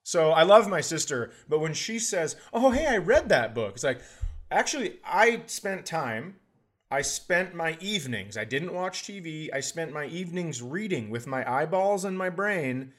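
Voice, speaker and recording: Man, podcast co-host, animated ranting, swears a lot, casual comic chat. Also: fairly high pitch, a little slow. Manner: animated ranting, profane exaggeration.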